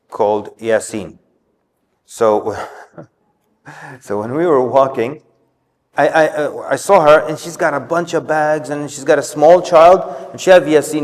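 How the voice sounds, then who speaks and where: Male speaker, mid-pitched, lively storyteller giving an informal religious talk; long reverb of a big hall. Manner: storytelling, acts out quotes. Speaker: community speaker. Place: mosque hall.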